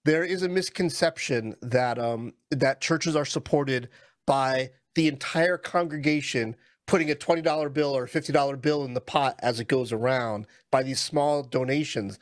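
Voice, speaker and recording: A man, a podcast guest and former minister, talking in an animated, wry way. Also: mid-range voice, moderate pace, no echo. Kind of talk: casual interview chat.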